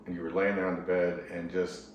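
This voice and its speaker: A man who is a couples therapist, explaining ideas in a relaxed, conversational way and laughing easily. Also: sits low, brisk, a little hiss or hum. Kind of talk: casual explanatory talk. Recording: echoey room, voice from a distance.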